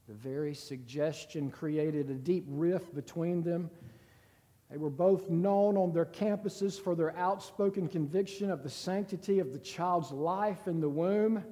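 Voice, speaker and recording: A man reading a story aloud in a slow, deliberate and somber way, with a long reverb. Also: a little high, dark tone.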